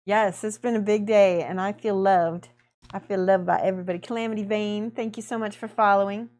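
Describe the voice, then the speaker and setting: A woman's voice: medium pitch, steady tone, fairly quick, a little mellow. A woman hosting a miniature painting livestream, chatting effusively and thanking viewers by name while she works.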